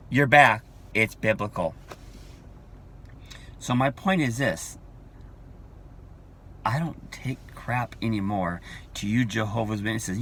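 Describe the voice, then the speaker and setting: Brief: forties male vlogger, slow, bright, combative and repetitive. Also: mid-range voice, slight background noise. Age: 40s. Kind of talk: ranting vlog monologue.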